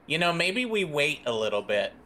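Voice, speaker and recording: A man playing a tabletop game, talking in a low-key, casual way. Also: big pitch swings, normal speed, bright, forceful tone. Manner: laid-back, low-key. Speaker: player. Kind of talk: casual in-character play.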